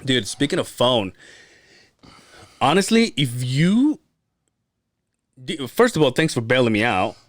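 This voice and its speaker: Profane storytelling podcast host, lively. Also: male voice, mid-range voice, measured pace, long pauses, no room sound, clean studio sound. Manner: profane, animated storytelling with acted-out quotes. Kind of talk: casual storytelling chat.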